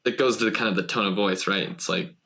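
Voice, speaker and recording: A man with a fairly low but bright, forceful voice hosts a relaxed interview. He feels his way through his thoughts, restarting and hedging as he talks. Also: fast. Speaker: podcast host. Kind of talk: casual conversational interview.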